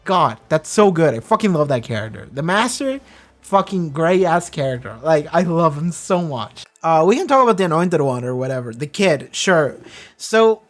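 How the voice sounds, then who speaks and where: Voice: medium pitch, sing-song, moderate pace, faint music behind. A reactor giving rambling, enthusiastic, profanity-laced casual commentary on a show.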